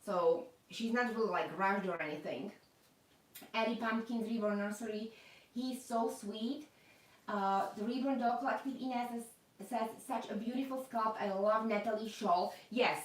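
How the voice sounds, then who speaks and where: A woman's voice: a little high, unhurried. Chatty woman reading live comments, echoey room. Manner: chatty, reads viewer comments aloud, many fillers. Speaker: doll collector hosting a live stream. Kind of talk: casual live-stream unboxing chat.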